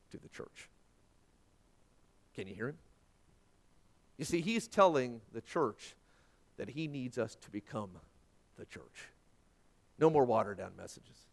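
A man preaching a sermon, swinging from loud emphatic peaks down to quiet, low-voiced stretches. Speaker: pastor.

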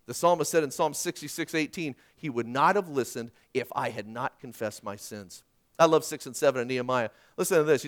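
Animated high-voiced male preacher. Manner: animated, swinging from loud emphatic lines to hushed ones; conversational preaching with personal anecdotes. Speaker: pastor. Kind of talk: sermon.

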